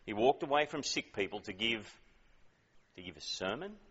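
A man's voice: lowish voice, animated, moderate pace, fairly bright tone, slightly rough, big-room sound, highs cut off. A man preaching a sermon in a conversational, emphatic way, often asking questions.

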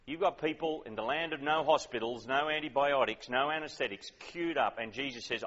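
Preacher in an echoing hall. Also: male voice, mid-range voice, brisk, few pauses, fairly bright tone, lo-fi sound. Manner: conversational, questioning, emphatic. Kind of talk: sermon.

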